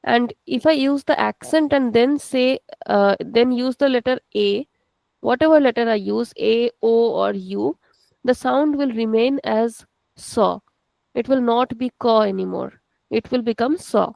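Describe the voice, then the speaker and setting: A woman's voice: a little high, measured pace, vocal fry, darkish tone, no room sound, low-quality recording. A woman with an Indian accent, a native Hindi speaker, teaching a language class over a video call and patiently checking in with her students. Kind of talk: online class lecture.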